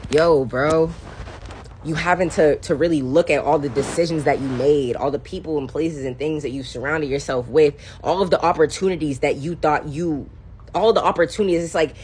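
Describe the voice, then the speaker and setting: A woman's voice: low voice, slight background noise. A young woman talking in an emotional, rambling confessional vlog, slangy and repetitive. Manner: animated, rambling, slangy, repeats phrases. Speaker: spiritual content creator.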